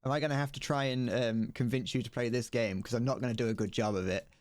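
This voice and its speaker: A man's voice: medium pitch, fairly even intonation, fast talker. A man with a British accent chatting casually while streaming a game, rambling, restarting his sentences and chuckling often. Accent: British English.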